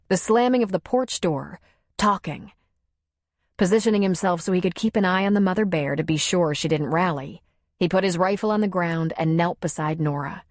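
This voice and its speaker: Here a woman's lowish voice tells a novel's story in scripted audiobook form, measured and level throughout. The recording is dry and of studio quality.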